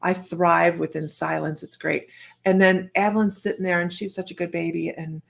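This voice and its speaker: Gravelly older woman telling a story. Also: on the low side, normal speed. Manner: chatty, animated, laughing often. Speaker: psychic medium. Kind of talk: storytelling monologue.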